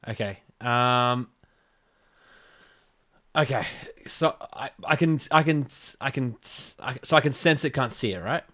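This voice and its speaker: A young man chatting casually at a tabletop game, with a bright, forceful tone. He trips over his words as he works through the rules. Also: medium pitch, measured pace, pauses often. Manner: eager, stumbling over rules questions. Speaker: player.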